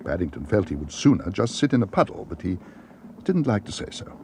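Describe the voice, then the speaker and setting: A man narrating a children's storybook with a gentle, expressive reading. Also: low-pitched, fairly quick, slight background noise.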